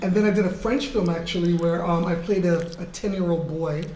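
A woman's voice: on the low side, brisk, warm tone, echoey room, slight background noise. A woman in her forties from Canada, a model answering interview questions at a live talk in a casual, chatty way, laughing often and using lots of fillers. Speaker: guest model in an artist talk. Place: event room with an audience.

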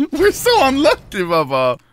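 A man hosting a casual gaming video, excitable and joking, with loud outbursts. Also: high voice, slow pace. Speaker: host.

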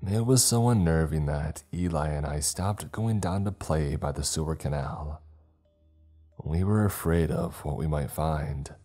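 A man narrating a scripted horror story in a slow, ominous manner. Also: rumbling low, mellow, faint music behind.

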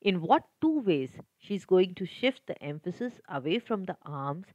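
A woman's voice: on the low side, big pitch swings, moderate pace, a little mellow, no echo, lo-fi sound. A woman teacher with an Indian accent explaining an exam paper step by step, slipping Hindi phrases into English. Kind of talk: exam lesson walkthrough.

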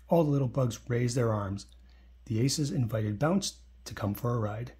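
A man reading a children's picture book aloud in a friendly, expressive way. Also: medium pitch, moderate pace. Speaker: storybook reader.

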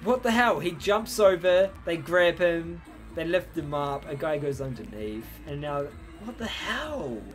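A man's voice: on the high side, lively intonation, measured pace, soft background music. A young man hosting a reaction video, talking casually and breaking into hyped exclamations. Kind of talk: excited reaction commentary.

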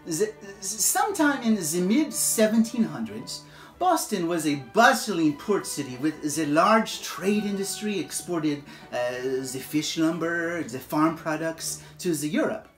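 A woman playing a quirky male history professor who tells the story in halting, broken grammar. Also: fairly low pitch, expressive, reverberant, soft background music. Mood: animated.

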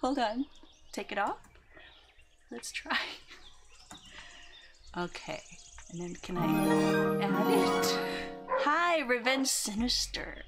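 A woman's voice: fairly high pitch, expressive, takes it slowly, long pauses, over loud music. A woman streamer chatting casually with viewers while she paints, often giggling between remarks. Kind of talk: casual livestream chat.

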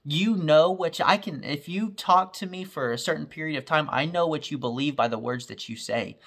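A man's voice: fairly high pitch, fairly quick, fairly bright tone. A man preaching a recorded sermon in a fervent, repetitive cadence.

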